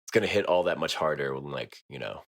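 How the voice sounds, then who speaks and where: A man's voice: very deep voice, animated, fast. A man co-hosting a podcast in casual chat, laid-back and skeptical, often trailing off. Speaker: podcast co-host.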